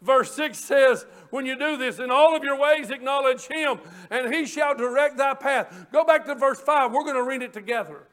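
A man's voice: very high voice, normal speed, hardly any pauses, fairly bright tone. A male preacher giving a fervent midweek sermon, often rising into hollering and repeating phrases for emphasis.

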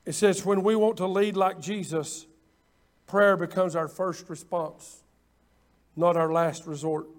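A man preaching a sermon, impassioned and repetitive at times, then dropping into quiet asides. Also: high-pitched, fairly even intonation, unhurried. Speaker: pastor.

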